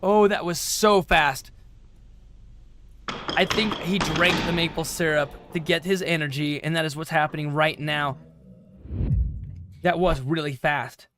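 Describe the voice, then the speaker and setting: A man's voice: on the high side, fairly even intonation, measured pace, pauses often. A man doing casual play-by-play commentary for an air hockey livestream, reading out chat messages and laughing easily. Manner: chatty, reads chat aloud, laughs easily. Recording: noisy room.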